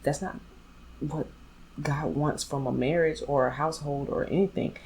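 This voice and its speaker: Low-voiced woman telling a candid story. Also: steady tone, moderate pace, darkish tone, slight background noise, rough recording. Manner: talks straight to viewers. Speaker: vlogger telling her story. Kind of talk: storytime vlog.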